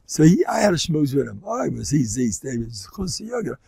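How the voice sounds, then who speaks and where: A hoarse older man gives a rambling Torah class. His voice is raspy and full of fry, and it swings between near-whispers and sudden loud bursts. The sound is close and dry. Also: a little high, very animated, a little fast, no room sound. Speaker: rabbi giving a Torah class. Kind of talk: informal Torah lecture with stories.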